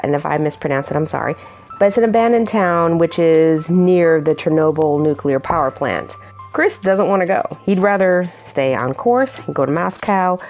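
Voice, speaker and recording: A woman's voice: lowish voice, a little mellow. Chatty woman reviewing horror movies. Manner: chatty, self-mocking, laughs at her own jokes. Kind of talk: casual movie review commentary.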